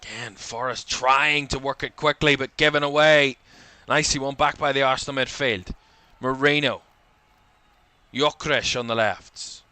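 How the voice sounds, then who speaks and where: A man calls a football match live for a watchalong stream, firing off player names in short bursts and raising his voice as attacks build. He's a little tired and yawning, his medium-pitched voice smooth, sharp and steady at a moderate pace, with no echo.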